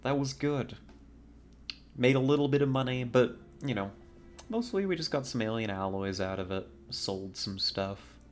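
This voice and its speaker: A man's voice: mid-range voice, moderate pace, soft background music. A man chatting casually while livestreaming a strategy game, rambling and often laughing at his own jokes. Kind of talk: casual gameplay chat while streaming.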